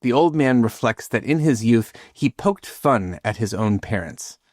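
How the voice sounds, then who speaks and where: A man hosting a podcast, reading scripted reflections in a measured, lightly humorous way. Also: mid-range voice, lively intonation, darkish tone, dry recording, clean studio sound. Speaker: podcast host, rabbi.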